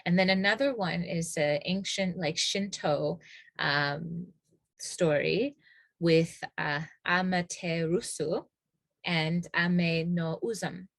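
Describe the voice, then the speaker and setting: A woman's voice: on the low side, slow pace, gravelly, fairly bright tone, no room sound. A woman guest casually retelling old myths in conversation, hesitant, with many fillers and restarts.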